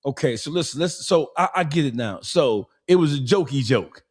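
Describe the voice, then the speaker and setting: A man hosting a gossip talk, animated, asking pointed questions and acting out scenes. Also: on the high side, a little fast. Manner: animated, acts out scenes, asks probing questions. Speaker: gossip show host. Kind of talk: casual gossip chat.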